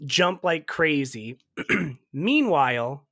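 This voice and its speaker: A man's voice: fairly high pitch, big pitch swings, extremely slow, a bit bright, dry recording, studio quality. A young man co-hosting a podcast, retelling movie scenes in casual chat, laughing often and swearing. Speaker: podcast co-host recapping a movie.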